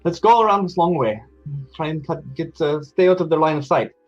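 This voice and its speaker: A man's voice: a little high, brisk, faint music behind, pitched above the performer's own voice, lightly acted. A man playing a tense, paranoid adventurer. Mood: urgent. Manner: urgent, hushed commands. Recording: slightly muffled audio.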